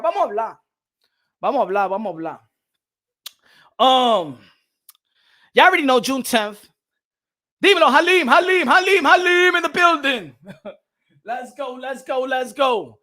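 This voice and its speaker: A man with a high voice is ranting as he hosts a boxing livestream. He is fiery and loud, and he keeps switching between Spanish and English, hammering the same phrases again and again. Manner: repeats himself for emphasis. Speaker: boxing channel host. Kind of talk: livestream rant commentary.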